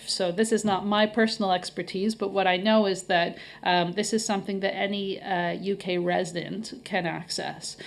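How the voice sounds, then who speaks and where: A woman's voice: medium pitch, fairly even intonation, moderate pace, creaky, hardly any pauses. A middle-aged Canadian woman, a guest on a podcast interview, explaining things in a friendly way with many fillers. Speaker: head of marketing, interview guest.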